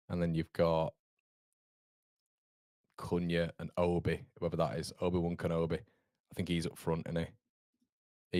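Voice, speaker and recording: A low-pitched man hosts a live football watchalong, talking to his chat in a loose, rambling way. He laughs easily and jumps between thoughts. His voice is close and dry, with no room sound. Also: no echo. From York, England. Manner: chatty, rambling, laughs often. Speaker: watchalong host.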